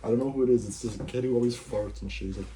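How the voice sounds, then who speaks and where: A man's voice: mid-range voice, steady tone, racing, slight background noise. A young man freestyle rapping and rambling over guitar, loose and crude, laughing often. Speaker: musician streamer. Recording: loud guitar under the voice.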